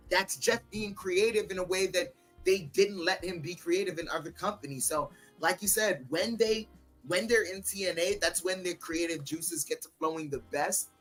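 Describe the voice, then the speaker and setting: A man's voice: sits high, pushed and bright. A man co-hosting a podcast, giving his opinion in an earnest, repetitive way, as if thinking aloud. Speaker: podcast co-host. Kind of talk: casual opinion chat.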